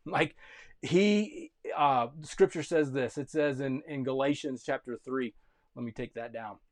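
A man in his thirties preaching a sermon, swinging between loud urgent calls and quiet, intimate storytelling. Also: mid-range voice, a little slow. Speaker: pastor.

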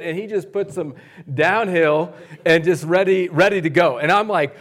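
A man preaching a sermon as pastor, conversational and energetic, swinging between loud bursts and quiet asides. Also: a little high, moderate pace.

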